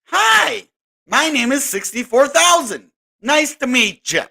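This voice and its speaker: A personified price tag with a cheery, singsong greeting manner, put on by a man. The voice sits far above the speaker's normal pitch. It has a bright, forceful edge. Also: very animated, takes it slowly, gravelly, exaggerated voice. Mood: chirpy.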